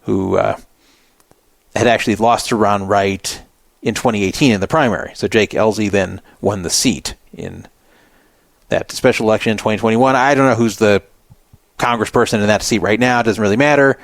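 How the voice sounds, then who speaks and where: A man's voice: on the low side, moderate pace, creaky, no room sound. Dry-sounding man hosting a show. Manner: rambling, conversational. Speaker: radio show host. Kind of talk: casual commentary.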